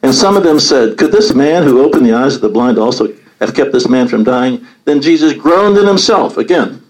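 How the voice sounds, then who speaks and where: A man's voice: medium pitch, expressive, moderate pace, poor audio. A man leading a Bible study, reading scripture aloud and commenting on it earnestly.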